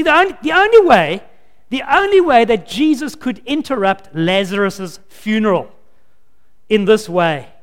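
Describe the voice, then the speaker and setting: High-voiced preacher with swinging emphasis. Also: male voice, long reverb tail. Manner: dynamic, swinging from loud emphasis to low, quiet asides. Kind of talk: sermon.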